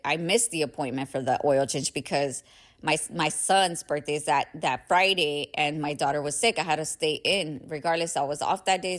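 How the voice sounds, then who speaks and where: A low-voiced woman hosts a podcast, telling a personal story candidly and casually. She swears freely, chuckles often, and sounds tired.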